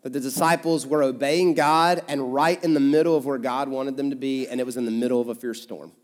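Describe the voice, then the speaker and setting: A male pastor with a Kentucky accent preaching a conversational sermon, swinging between emphatic loud stretches and hushed ones. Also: mid-range voice, steady tone, a little fast. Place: church sanctuary. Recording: church hall reverb with soft music.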